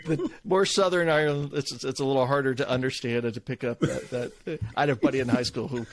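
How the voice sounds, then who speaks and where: A man's voice: medium pitch, fast talker. A man in his forties co-hosting a casual podcast, rambling with restarts and laughs. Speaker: podcast co-host.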